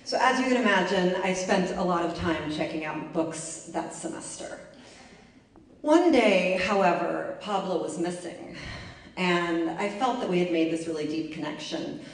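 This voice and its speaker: A woman's voice: on the low side, expressive, measured pace. A woman telling a personal story to a live audience in a wry, self-mocking comic way. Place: library event space. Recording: echoey room, mic far off.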